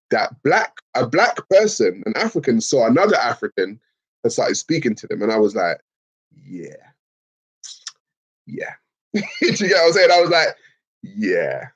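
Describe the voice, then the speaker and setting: Husky-voiced Liverpool man chatting live. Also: medium pitch, poor audio. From England. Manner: slangy and emphatic, peppered with bro and man. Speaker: live stream host reading chat. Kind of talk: casual livestream chat.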